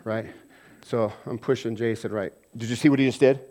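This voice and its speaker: A man's mid-range voice carries a fairly even intonation through a conversational sermon. As pastor, he shifts between loud points and murmured asides and impersonates both sides of common quarrels in quick bursts.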